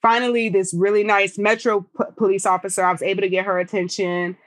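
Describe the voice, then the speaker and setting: A woman guest in a casual interview, telling a personal story in an animated way and acting out what people said. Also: medium pitch, fast talker. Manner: animated storytelling, acting out her own dialogue.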